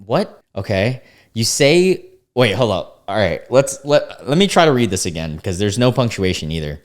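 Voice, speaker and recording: A young man with a fairly low voice talks through screenshots in a relaxed, amused tone. He trips over words, restarts sentences and chuckles as he goes. It sounds like a casual chat with viewers. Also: moderate pace. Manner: laid-back, amused, reads chats aloud with restarts. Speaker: commentary host reading screenshots. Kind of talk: casual reaction commentary.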